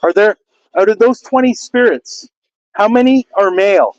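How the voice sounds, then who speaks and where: Man calling out to spirits, high-pitched. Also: lively intonation, normal speed, dry recording, highs cut off. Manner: coaxing, repetitive questions. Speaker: ghost hunter. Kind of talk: addressing spirits during a ghost hunt. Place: outdoors under a bridge with traffic overhead.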